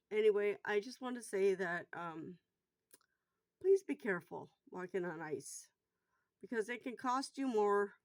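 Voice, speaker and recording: On a dry recording, a middle-aged bar worker with a medium-pitched voice tells a story from her own life in a casual vlog. She's frank and foul-mouthed, growing louder and more heated as she relives it.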